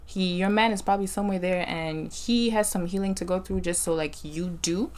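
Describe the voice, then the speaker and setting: Woman, podcast host, low-ish voice, thoughtful conversational advice. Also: brisk, a little mellow. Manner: reflective, faith-minded advice with frequent "right?" check-ins. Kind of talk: casual conversation.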